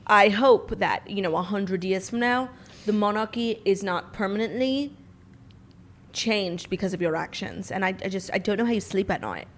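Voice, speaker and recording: A woman's voice: medium pitch, moderate pace, slight background noise, lightly acted. A woman playing a stern, disapproving royal elder brother with a put-on British accent that slips in and out, in comedic banter. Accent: put-on British, slipping in and out. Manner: stiff, disapproving, mock-formal. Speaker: comedy podcast co-host.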